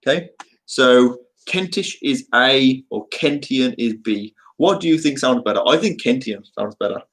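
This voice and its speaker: Talking to his live-stream audience in a Birmingham accent, this Englishman rambles, jokes, and leans heavily on fillers. The audio is poor, and his mid-range voice has a fairly bright tone at a moderate pace.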